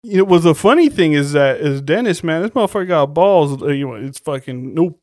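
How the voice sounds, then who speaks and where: A man co-hosting a casual chat, retelling movie scenes in a profane, animated way. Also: a little high, brisk, no echo, studio quality. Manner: profane, animated storytelling with quoted voices. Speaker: podcast co-host.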